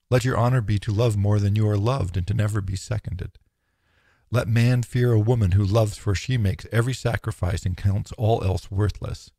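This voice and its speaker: A man with a low, gravelly voice reads a philosophical text in a measured, solemn declamation. The recording is dry and close, with no room sound. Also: warm tone, no echo. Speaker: narrator. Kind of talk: audiobook reading of philosophy.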